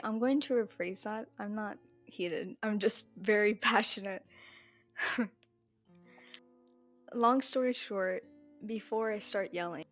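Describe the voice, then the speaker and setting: A young woman hosting a solo podcast, talking bluntly and heatedly and swearing freely. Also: mid-range voice. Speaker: podcast host.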